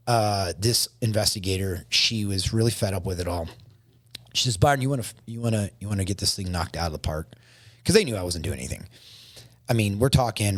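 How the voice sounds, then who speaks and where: Man with a lowish voice, a podcast guest recounting a painful story, shaken, halting with restarts, dry close sound. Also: dry recording. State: shaken, emotional. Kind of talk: emotional storytelling in a podcast interview.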